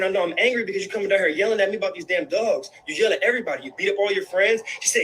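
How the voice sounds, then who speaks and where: A man's voice: high-pitched, racing, hardly any pauses, a bit bright, rough recording. A man in a heated, profane rant, angry and repeating himself, tossing in "bro" again and again. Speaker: guest in a livestream clip.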